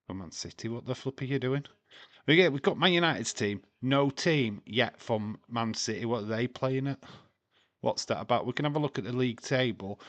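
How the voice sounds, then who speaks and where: A man's voice: medium pitch, no echo. A man hosting a casual live watch-along stream, chatting, reading out scores and lineups, swearing freely and laughing often.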